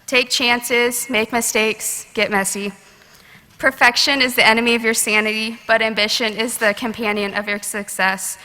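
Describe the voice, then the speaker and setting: A woman's voice: a little high, steady tone, normal speed, pushed and bright. A young woman in her late teens giving an earnest, heartfelt graduation speech at a podium microphone. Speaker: student graduation speaker. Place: large graduation venue. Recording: long reverb of a large ceremony hall.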